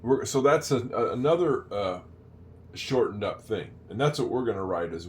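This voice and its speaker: An older man giving a casual English lesson, chatting, repeating phrases slowly and wandering off on tangents. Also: medium pitch, expressive, slight background noise. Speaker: English teacher.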